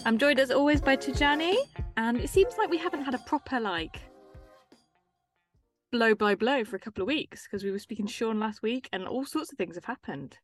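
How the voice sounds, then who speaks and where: A woman hosting a podcast in casual chat, teasing and quick to laugh. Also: a little high, faint music behind. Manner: lively, teasing, laughs easily. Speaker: podcast host.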